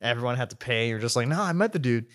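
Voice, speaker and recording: A man's voice: mid-range voice, lively intonation, rapid-fire, fairly bright tone. A young man co-hosting a podcast, chatting casually and cutting in with crude jokes. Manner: crude, joking interjections. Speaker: podcast co-host. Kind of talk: casual chat.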